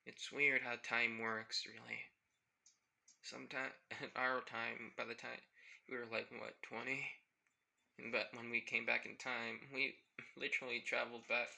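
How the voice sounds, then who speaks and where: A man improvising a fan-made story out loud, in a rambling, casual way with frequent chuckles. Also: medium pitch, creaky.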